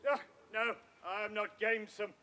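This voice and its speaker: A man's voice: high-pitched, little pitch movement, moderate pace, sharp tone. A man playing Brutus as a troubled Roman nobleman with wry, self-mocking asides, in open-air comic Shakespeare. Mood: brooding. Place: outdoor stage before an audience.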